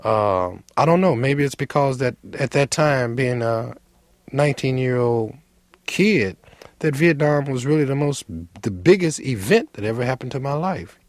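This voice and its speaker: Reflective veteran from Illinois. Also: male voice, mid-range voice, animated, normal speed, no echo. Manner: thoughtful and searching. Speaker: Vietnam veteran, combat engineer. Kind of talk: reflective interview testimony.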